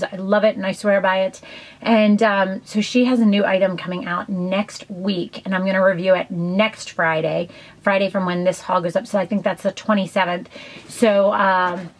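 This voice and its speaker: A woman's voice: mid-range voice, poor audio. Woman, beauty vlogger, casual haul chat, enthusiastic, rambling, filler-heavy. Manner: chatty, enthusiastic, many ums and asides.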